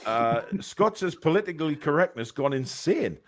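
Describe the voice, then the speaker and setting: Host, male, slightly high voice, rambling chat-reader. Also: big pitch swings, moderate pace, slight background noise. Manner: rambling, chuckling, lots of ums and uhs. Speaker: podcast host reading live chat. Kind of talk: casual chat.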